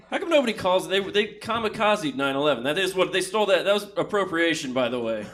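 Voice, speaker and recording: A man's voice: fairly high pitch, expressive, fast talker, hardly any pauses, fairly bright tone, slight background noise. A male comedian doing a stand-up set on a theater stage, with a laid-back, chuckling delivery.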